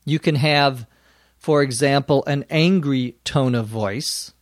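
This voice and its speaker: A male English teacher and host slowly explaining phrases to language learners, speaking clearly and giving acted example lines. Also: medium pitch, dry recording, clean studio sound.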